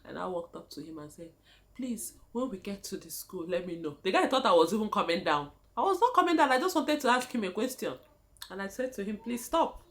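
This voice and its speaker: A young woman with a Nigerian accent chats to her viewers in a casual vlog, laughing often as she tells her story. Her pitch swings widely, so her telling sounds animated, and she keeps calling out to her audience as guys. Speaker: vlogger.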